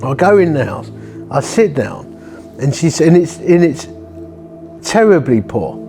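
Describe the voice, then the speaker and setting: Warm-voiced vicar telling a story. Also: male voice, fairly high pitch, sing-song, unhurried, creaky, faint music behind. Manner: conversational, vivid, acting out voices. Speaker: church planter, vicar. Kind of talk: storytelling testimony.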